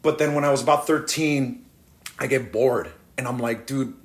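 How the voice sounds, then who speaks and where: A man's voice: mid-range voice, normal speed. A man in his thirties, a rapper as guest, telling stories in a casual interview and acting out the voices of the people he quotes. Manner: animated, acts out quoted voices.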